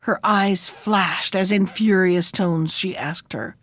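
A woman reading a fairy tale aloud in a measured storytelling manner. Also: fairly low pitch, no echo, studio quality.

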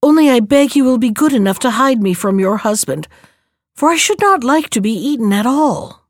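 A woman's voice: fairly high pitch, animated, normal speed, no echo, studio quality, natural voice. A woman voicing a frightened but polite young boy who pleads to be hidden. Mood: pleading.

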